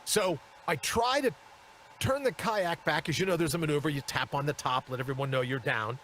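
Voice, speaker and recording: A man hosting a live talk show, telling a story in an animated way and acting out the people in it. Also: on the high side, fairly quick, a little hiss or hum. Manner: animated, acts out the people in his stories. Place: studio.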